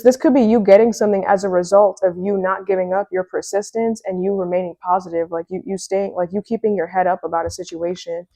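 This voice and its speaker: A woman's voice: on the low side, no echo. Chatty woman reading tarot. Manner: chatty, excitable, many fillers. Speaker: tarot reader.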